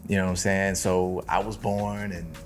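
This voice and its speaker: A man's voice: low voice, flat delivery, normal speed, soft background music. A man co-hosting a podcast, telling a personal story in casual chat with frequent laughs. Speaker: podcast co-host.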